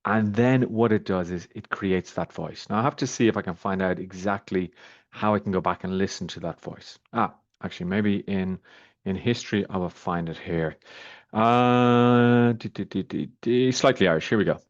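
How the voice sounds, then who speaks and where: A man reviewing software over a screen share, talking casually and rambling with many fillers as he clicks around. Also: sits low, moderate pace. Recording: slightly muffled, dull audio.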